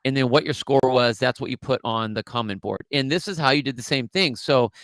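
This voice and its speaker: A man's voice: medium pitch, fairly quick, fairly bright tone, no echo. A middle-aged man co-hosting a podcast, rambling through an old memory in casual chat with frequent restarts. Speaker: podcast co-host.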